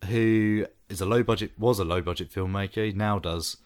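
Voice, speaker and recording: A man's voice: lowish voice, moderate pace, clear, resonant tone. A man co-hosting a podcast, chatting casually and joking dryly about a film. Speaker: podcast co-host. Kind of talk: casual film review chat.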